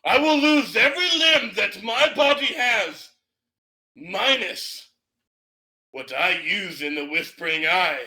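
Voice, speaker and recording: A man doing a pompous medieval warrior rallying his troops, declaiming slowly and theatrically. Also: sits high, pushed and bright, full character voice. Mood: rousing. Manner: grandiose, slow, theatrical declaiming.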